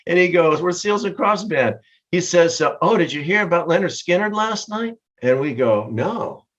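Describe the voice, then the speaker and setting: An older man being interviewed as a guest musician, telling a story in a lively way and laughing mid-sentence. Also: high voice, moderate pace. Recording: dull lo-fi sound.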